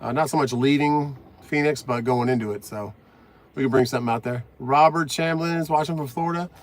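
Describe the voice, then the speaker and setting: A middle-aged man in his truck cab, live-streaming from a phone on the dash, chatting casually and greeting viewers, a bit out of breath. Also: medium pitch. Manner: reads out viewer comments, upbeat and chatty.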